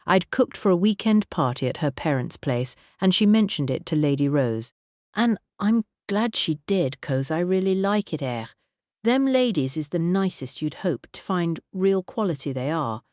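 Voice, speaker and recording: A woman's voice: on the low side, very animated, normal speed, darkish tone, no echo, studio quality. A woman voicing a short, rotund working-class army cook who drops his aitches and talks in slang. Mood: sheepish. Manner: dropped aitches, slangy, sheepish.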